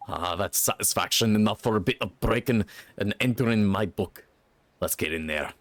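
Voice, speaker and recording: A man's voice: lowish voice, normal speed, no echo, voice pushed down, lightly acted. Drippy, a man doing a chatty fairy sidekick. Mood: chummy. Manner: chummy, slangy, rambling. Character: cheeky chatty little male fairy sidekick.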